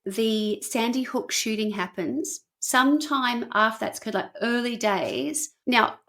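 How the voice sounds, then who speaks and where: A woman co-hosting a podcast, earnestly retelling a documentary in casual chat, speeding up for asides and slowing down for emphasis. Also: on the high side, fairly bright tone. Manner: earnest, shifting between quick asides and slow emphasis. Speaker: podcast co-host.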